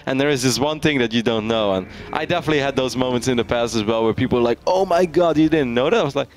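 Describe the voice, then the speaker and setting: A man at a mid pitch calls a live esports game, easygoing and talkative. He laughs often and drifts into stories between the plays. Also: very fast. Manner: chatty, laughs often, tells anecdotes. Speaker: esports caster.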